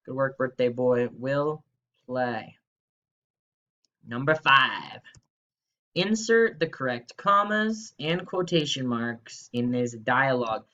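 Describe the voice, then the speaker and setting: A man's voice: medium pitch, animated, takes it slowly, bright, forceful tone, lo-fi sound. A young man teaching a third grade grammar lesson from home, upbeat and playful, reading worksheet items aloud. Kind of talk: recorded remote grammar lesson.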